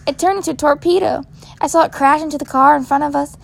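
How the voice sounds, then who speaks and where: A woman voicing an excited, chatty little boy in a storybook reading, with a gravelly voice. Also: very high-pitched, quick pace, voice pushed up, heavily acted.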